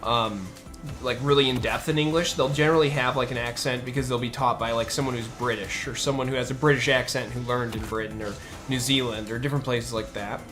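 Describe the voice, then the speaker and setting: A man from the United States talks casually while streaming, his voice sitting at an ordinary middle pitch. He rambles, with plenty of fillers and restarts. Faint music plays quietly underneath. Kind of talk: casual chat.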